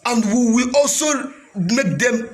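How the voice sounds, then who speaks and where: A Nigerian man whose first language is Igbo gives an impassioned speech to his followers as a self-styled militia leader. He declaims fiercely and swings between shouting and a sing-song cadence. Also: extremely high pitch, lively intonation, unhurried.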